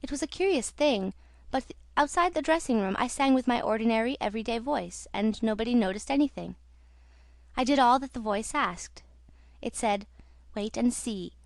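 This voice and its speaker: A devoted young female singer pours out her story, read by a woman in a storybook telling. The voice sits fairly high and soft, and the recording is dry and close. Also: expressive, normal speed, no room sound. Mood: confiding. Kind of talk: audiobook reading.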